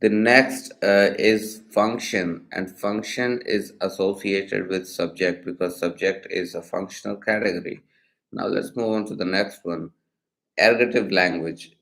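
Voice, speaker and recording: Deep-voiced male student, halting delivery, thinks aloud with frequent fillers. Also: steady tone, vocal fry, a bit bright, low-quality recording. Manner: hesitant, many fillers and restarts. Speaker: student quizzing an AI on linguistics. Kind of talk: casual study session.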